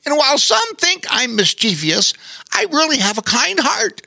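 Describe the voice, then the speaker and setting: A man voicing an excitable little male garden gnome in a children's story, squeaky and full of exclamations. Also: moderate pace, vocal fry, no echo, full character voice. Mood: exuberant.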